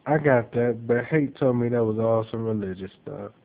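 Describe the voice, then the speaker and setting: A man's voice: medium pitch, moderate pace, creaky, lightly acted. A man voicing a confused, weary figure standing for the world, hesitant and puzzled, recorded with a tinny phone-like sound.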